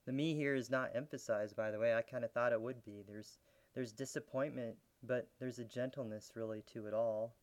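A man preaching a sermon as a pastor, teaching in an earnest way with soft laughs and growing intensity. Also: mid-range voice, fairly even intonation, normal speed.

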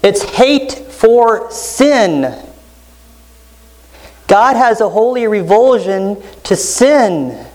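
A man preaching a sermon as pastor, earnest and emphatic, slowing down to stress key phrases. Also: sits high, sing-song, a little mellow, rough recording.

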